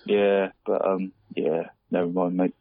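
A man's voice: deep voice, little pitch movement, measured pace, no echo. A man co-hosting a podcast in casual chat, laughing often and calling everyone mate. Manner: chatty, laughs often, says "mate" constantly. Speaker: podcast co-host. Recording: tinny phone-like line, dry.

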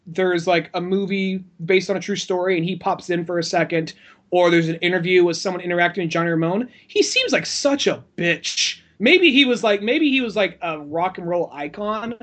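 A man with a notably high speaking voice chats casually on a podcast. He rambles, restarts his sentences and swears freely as he goes. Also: moderate pace, a bit bright. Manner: rambling, profane, frequent restarts and laughter. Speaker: podcast co-host or guest. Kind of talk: casual chat.

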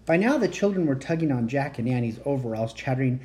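A woman reading a children's chapter book aloud in a gentle, unhurried storytelling manner. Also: rumbling low, expressive. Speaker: reader.

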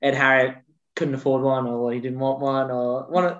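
A man's voice: mid-range voice, little pitch movement, normal speed, fairly bright tone, highs cut off. Easygoing guy cohosting a pod, laughs a lot. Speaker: podcast co-host. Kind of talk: casual chat.

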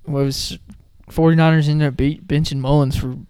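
A man co-hosting a sports podcast, skeptical and quick to laugh in casual banter. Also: on the high side, a little hiss or hum. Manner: skeptical, animated, laughs easily. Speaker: podcast co-host.

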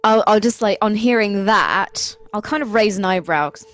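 A woman's voice: mid-range voice, normal speed, fairly bright tone. Chatty, hesitant woman tabletop player. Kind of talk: casual tabletop play.

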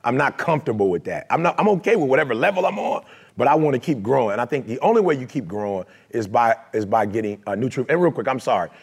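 Gravelly-voiced man preaching his truth. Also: medium pitch, lively intonation, quick pace. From Detroit, USA. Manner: emphatic, conversational, streetwise slang. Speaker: motivational speaker. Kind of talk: motivational talk to a live audience.

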